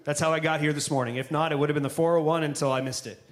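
A man's voice: on the high side, steady tone, racing, few pauses. A man preaching a sermon to a congregation in a conversational style with joking asides. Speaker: pastor. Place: church before a live congregation.

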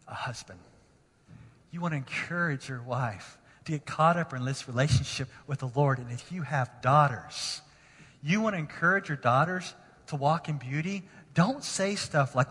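A man preaching a sermon as pastor in a church, passionate and moving between hushed lines and emphatic ones. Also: a little high, slightly rough. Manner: impassioned, swinging from hushed to emphatic. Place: church sanctuary. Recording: long reverb of a large hall.

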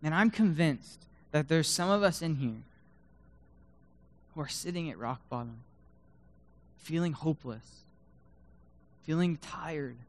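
Man, sermon, fairly high voice, swings from loud bursts to hushed tones, dramatic scripture reading. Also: unhurried, long pauses. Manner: reads scripture aloud with dramatic emphasis. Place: room with a live audience.

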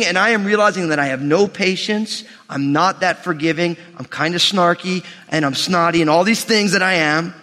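Male pastor, high voice, animated sermon delivery with humorous asides, long hall reverb. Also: normal speed, hardly any pauses. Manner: animated, rising to shouts and dropping to near whispers.

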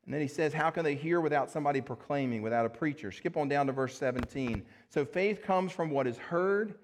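A man preaching a sermon in a fairly high voice. He reads scripture verses, asks the listeners rhetorical questions and addresses them as friends. His delivery is earnest throughout. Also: a little fast, slight background noise. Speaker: pastor.

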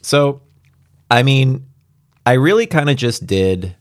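A man with a mid-range voice and big pitch swings speaks slowly, recorded at studio quality with no echo. As an audiobook reader, he narrates a science fiction story aloud, then chats about it casually with fillers and laughs.

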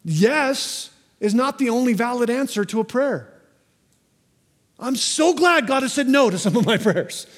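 A man in his forties preaching a sermon, acting out little quoted scenes with energy and closing in a quiet prayer. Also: very high voice, lively intonation, unhurried. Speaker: pastor.

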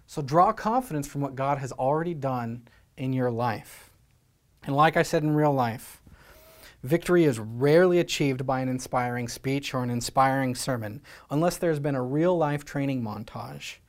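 A man's voice: mid-range voice, normal speed. Earnest male pastor preaching. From Scotland. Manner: earnest, exhorting, rhetorical questions. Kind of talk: sermon.

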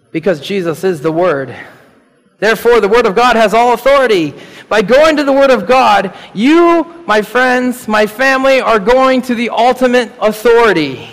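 A man with a high voice delivers a sermon as pastor. He is animated, climbs to emphatic peaks and chuckles between points. His words ring through a church hall with a long reverb.

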